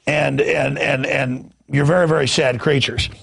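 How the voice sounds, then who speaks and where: A man's voice: mid-range voice, steady tone, measured pace, gravelly, a bit bright, husky. A man hosting a talk show, delivering an urgent, preachy political monologue in a fervent voice with lots of restarts.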